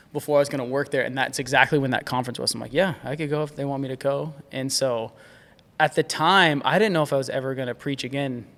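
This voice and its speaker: A man in his thirties telling a story in a casual, animated podcast chat, saying "bro" and "dude" a lot and laughing often. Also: mid-range voice. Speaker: podcast guest, agency founder.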